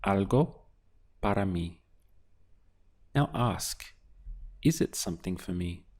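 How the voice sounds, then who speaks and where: A low-voiced man leads a drill-style language lesson. He speaks very slowly and with a gravelly edge, setting out each phrase and then answering it word by word. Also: lively intonation, darkish tone. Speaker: language teacher.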